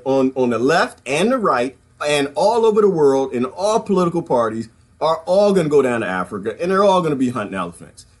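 A man talking loosely to his viewers in a livestream, his voice sitting at an ordinary middle pitch. He wanders from point to point, breaks off, restarts and lets out small chuckles. He calls his audience y'all in a relaxed, conversational way. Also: breathy edge. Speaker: political commentary vlogger. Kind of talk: casual livestream commentary.

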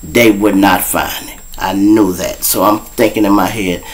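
A man's voice: on the low side, steady tone, a little slow, heavy background noise. A man hosting his show, telling a story in a casual, profane way and speaking straight to his audience. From Chicago. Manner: profane, keeps addressing the audience as y'all. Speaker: show host.

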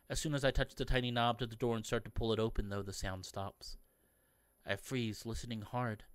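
A man's voice: medium pitch, fairly bright tone, no room sound. A man reading a visual novel aloud in first person as a let's play narrator, playful and given to joking asides. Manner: playful, breaks off to joke with viewers.

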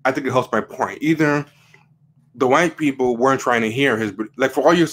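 A man's voice: medium pitch, a little fast, fairly bright tone. Rambling man hosting a livestream. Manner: rambling, repeats words, many fillers, rising emphatic questions. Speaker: livestream host. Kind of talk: casual opinion commentary.

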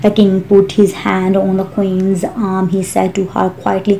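A woman narrates a classic storybook in a slow, careful reading style. Her voice is mellow and warm, sitting at a middle pitch. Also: completely flat delivery, creaky, slight background noise, poor audio. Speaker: audiobook narrator.

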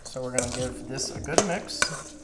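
A man from Slovakia hosting a cooking channel, talking viewers through a recipe step by step in a relaxed, casual way in a home kitchen. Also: medium pitch, moderate pace, heavy background noise. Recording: echoey kitchen with music bed. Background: background music, clinking dishes.

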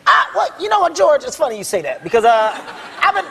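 A man from Philadelphia telling comic stories on a talk show, loud and animated, with shouted punchlines over a noisy live audience. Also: extremely high pitch, fast. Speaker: comedian. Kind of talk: stand-up and talk show storytelling.

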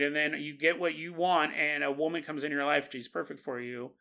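Animated, bright-voiced male podcast host. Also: a little high, brisk, gravelly. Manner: animated storytelling, often laughs at himself. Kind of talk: casual podcast monologue.

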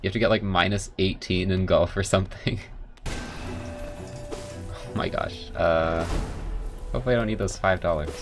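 A man with a low, gravelly voice talks through his speedrun live, casual and rambling with plenty of "like" fillers. He breaks into loud excited outbursts, and game music plays faintly behind him. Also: measured pace, long pauses. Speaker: speedrunner streaming a game run. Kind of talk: casual live gameplay commentary.

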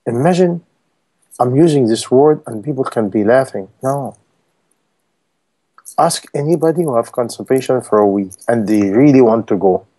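A man's voice: mid-range voice, expressive, normal speed, pauses often, warm tone. A man preaching a sermon in non-native English, emphatic and full of rhetorical questions to his listeners.

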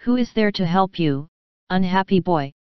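Woman doing a rough-voiced resigned tunny fish. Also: fairly low pitch, expressive, normal speed, no room sound, lightly acted. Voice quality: rough, like an out-of-tune guitar. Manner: dignified, philosophical. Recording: slightly muffled, dry.

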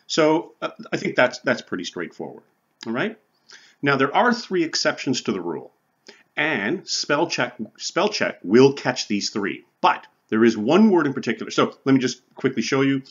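Husky-voiced male lecturer, lively delivery. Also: mid-range voice, normal speed, lo-fi sound. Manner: conversational, repeats "right?" and "okay?" often, chuckles. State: sweating from the heat. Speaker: college English instructor. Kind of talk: recorded video lecture. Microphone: recording for online viewers.

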